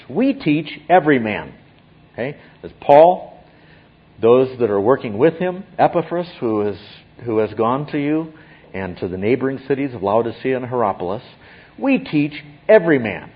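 A man's voice: medium pitch, husky, lo-fi sound. A man giving an expository Bible teaching, emphatic and often checking in with his listeners.

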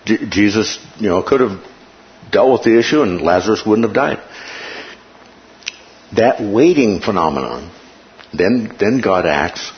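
A man hosting a casual Bible discussion, animated and laughing often as he acts out quotes. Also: lowish voice, unhurried, pauses often. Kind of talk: casual Bible study chat. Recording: dull lo-fi room recording with noise.

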